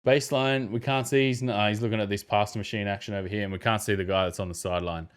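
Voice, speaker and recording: Deep-voiced man breaking down basketball. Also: fast, smooth. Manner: animated, bursts into loud mimicry and exclamations. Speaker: podcast host. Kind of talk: casual basketball game breakdown.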